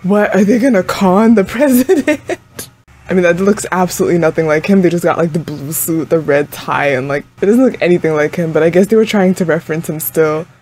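A young woman hosting an anime reaction channel chats casually to the screen, exclaiming and laughing often. Her voice is lowish and darkish with a breathy edge, and she talks a little fast.

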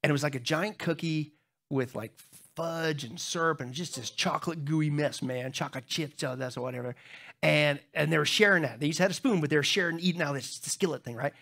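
A middle-aged man preaching a sermon as pastor, telling funny stories to the congregation and jumping into high voices when he acts out other people. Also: a little fast, creaky. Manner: humorous storytelling, talks to the crowd; animated, jumps into high squeaky voices when acting out others.

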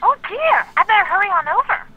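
A woman voicing a sweet, gentle young woman in a game, talking in a chirpy, fretful way. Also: extremely high pitch, very animated, fast, phone-quality sound.

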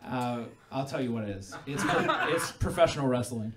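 A man doing a live stand-up set, deadpan with sudden loud bursts, telling dark jokes. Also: mid-range voice, moderate pace, background noise. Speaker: stand-up comedian. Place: small hall before a live audience. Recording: live room with loud crowd laughter. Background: crowd laughter.

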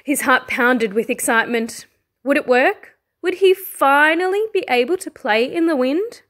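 A woman who teaches primary school, reading a picture book aloud in a slow, expressive storytelling way. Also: high voice.

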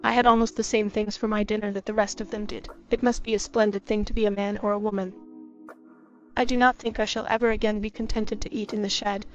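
A woman narrating a classic children's story in a steady, even reading. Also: mid-range voice, fast talker. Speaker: audiobook reader. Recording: slightly muffled with faint music.

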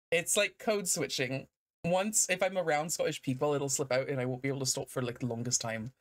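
A woman's voice: very deep voice, moderate pace, pauses often. A woman streamer in casual let's-play commentary, rambling and self-deprecating and laughing often.

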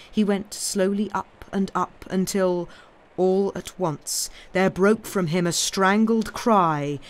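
A woman reading a classic story aloud as narrator on a livestream, in a slow, deliberate storytelling manner. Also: on the low side, darkish tone. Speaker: reader.

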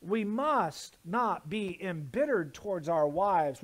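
A man's voice: high voice, animated, slow pace. A man preaching a sermon as pastor, with emphatic delivery and repeated lists of words. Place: church sanctuary.

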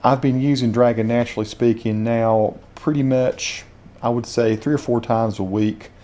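A man with a Southern Appalachian accent, reviewing dictation software as he speaks punctuation commands aloud. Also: mid-range voice, fairly even intonation, moderate pace. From Southern Appalachia, USA. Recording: home video.

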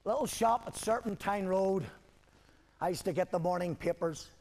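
A man's voice: high voice, moderate pace, gravelly, a little mellow. An older man, preaching a sermon as pastor with emphatic, repeated rhetorical questions. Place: church hall. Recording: hall echo on old video tape.

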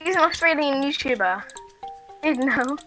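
A woman's voice: sits high, animated, normal speed, a bit bright, faint music behind, low-quality recording. A woman chatting casually while playing a building game, rambling, giggling and correcting herself as she goes. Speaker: gaming YouTuber. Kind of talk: casual gameplay chat. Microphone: webcam and headphones at a computer.

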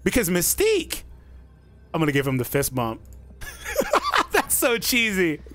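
A young man hosting a gaming channel, commenting on a card game as he plays, excitable, talking to himself and laughing often. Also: high-pitched, measured pace, soft background music.

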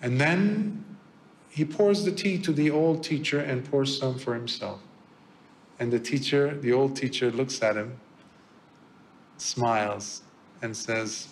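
Telling a story with fillers and pauses, a male monk gives a dharma talk in a temple's prayer hall. His voice sits at a medium pitch, with a slight hiss or hum in the recording.

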